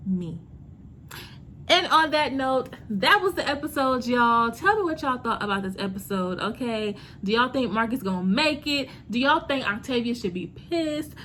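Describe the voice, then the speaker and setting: A young woman chatting casually as a TV recap vlogger, sassy and animated, talking straight to her viewers with lots of "girl" and "honey". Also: a little high, slight background noise.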